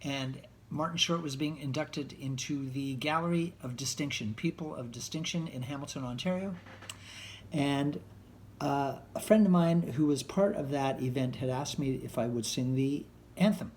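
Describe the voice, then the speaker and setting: A male rock musician telling a relaxed, rambling story, with fillers and quoted voices. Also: medium pitch, moderate pace, slight background noise.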